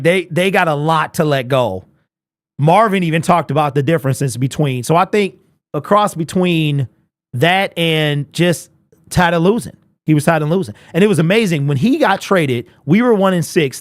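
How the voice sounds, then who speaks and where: A young man hosting a casual sports fan live stream, animated and chatty, answering viewers in chat. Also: fairly high pitch, no room sound, clean studio sound. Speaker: host of a fan livestream.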